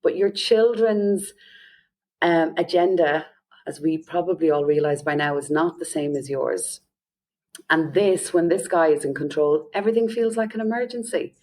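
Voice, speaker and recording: A woman with an Irish accent speaks as a parenting coach in a relaxed podcast interview. Her voice sits a little low for a woman. She explains in a lively way and slips into the voices of the parents and children she describes. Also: moderate pace. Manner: lively, often acts out quoted parents and children.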